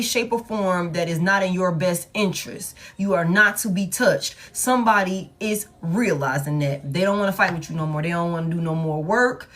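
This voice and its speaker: A woman's voice: mid-range voice, fairly bright tone. Blunt, profane woman reading tarot. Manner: blunt and profane, with emphatic repetition. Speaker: tarot reader. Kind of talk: casual tarot reading monologue.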